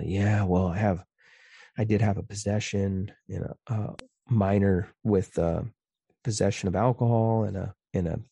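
A man being interviewed, telling a personal story in a casual, halting, rambling way with frequent restarts. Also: lowish voice, mellow, slightly rough, no echo, studio quality. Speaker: interview guest.

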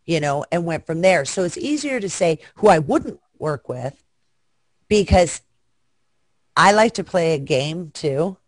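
A woman's voice: fairly low pitch, animated, unhurried, no echo. A woman guest chatting frankly and bawdily on a video call, joking as she goes. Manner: frank, bawdy, jokey. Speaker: guest performer. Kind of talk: casual chat.

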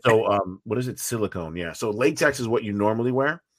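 A man, a fan-film writer and producer, talking as a podcast guest in a rambling, profane, animated way, with many restarts. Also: fairly low pitch, fairly quick, no echo. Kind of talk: casual podcast interview.

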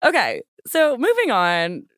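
A woman's voice: fairly high pitch, wildly swooping pitch, measured pace, fairly bright tone, no room sound, clean studio sound. A young woman hosting a podcast, playfully steering the talk between topics. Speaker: podcast host. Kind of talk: casual chat.

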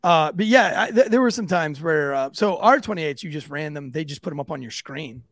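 Fast-talking gravelly man telling stories. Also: a little high, no echo. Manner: rapid, profane, animated storyteller acting out quotes. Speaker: podcast host, former police officer. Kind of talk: casual storytelling chat.

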